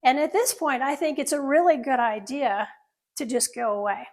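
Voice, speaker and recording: A woman's voice: sits high, normal speed. A middle-aged woman, a surgeon, telling an earnest personal story to an audience, with asides to listeners.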